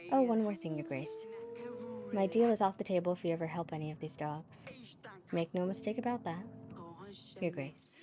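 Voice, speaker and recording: Woman doing a gruff warrior chieftain with a put-on drawl. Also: on the low side, normal speed, pauses often, lightly acted. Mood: threatening. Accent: rough put-on drawl.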